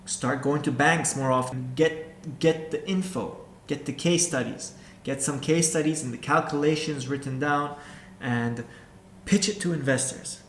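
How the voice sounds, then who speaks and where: Talking a little slowly in a slightly high, somewhat bright voice, a man coaches beginners as a real estate investor, addressing the viewer as "you" and going over his points repeatedly. The echoey room carries faint ambience and a slight hiss or hum.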